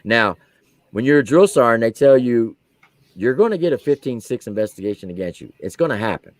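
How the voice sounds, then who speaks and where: A man in his forties, an army veteran, telling a profane comic story with animated swings between low asides and loud punchlines. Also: a little fast, no room sound.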